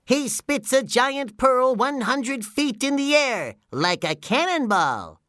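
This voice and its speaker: A man putting on an excitable high sponge voice. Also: slow pace, no room sound, studio quality, heavily acted. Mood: excited. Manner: high, loud announcer voice. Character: excitable young male sea sponge.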